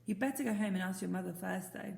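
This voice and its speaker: A woman's voice: mid-range voice, fast talker, vocal fry, darkish tone. A woman voicing a cheerful, confident young Boy Scout who talks in a breezy, teasing way. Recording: roomy echo.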